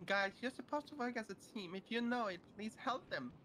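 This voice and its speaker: A woman's voice: on the high side, lively intonation, a little fast, a bit bright. A woman in a role-play acting as a police academy instructor, giving the group orders in a teacherly way. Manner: bossy, teacherly, addresses the group.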